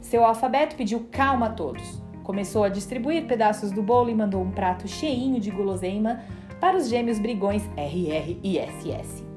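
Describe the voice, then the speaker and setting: A woman reading a children's story aloud in a gentle storytelling manner. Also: mid-range voice, brisk. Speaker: narrator. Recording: faint background music.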